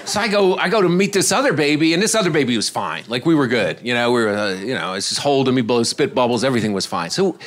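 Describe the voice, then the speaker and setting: A male stand-up comedian telling a story on a comedy club stage into a handheld mic, animated and often chuckling. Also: medium pitch, fast, few pauses. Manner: animated, chuckling, acting out voices.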